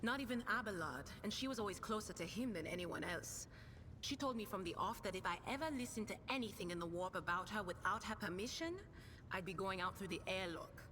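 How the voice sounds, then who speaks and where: An actress playing a proud young female ship navigator, measured and haughty, from a game. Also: pushed and bright, lightly acted. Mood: wistful. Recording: reverberant game audio with faint rumble.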